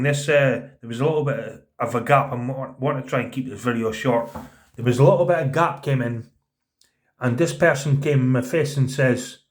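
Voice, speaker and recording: Man, thirties, vlog storytelling, earnest, halting, repeats words, mid-pitched voice. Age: 30s. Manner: earnest, halting, repeats words, often drops into a quiet voice for quoted speech. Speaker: vlogger telling a personal story. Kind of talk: casual spoken storytelling.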